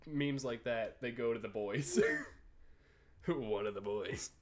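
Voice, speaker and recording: A man's voice: medium pitch, slow, darkish tone. Joking young man rambling over a game. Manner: rambling, joking, swears freely, laughs often. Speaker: gaming YouTuber. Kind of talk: casual let's play commentary.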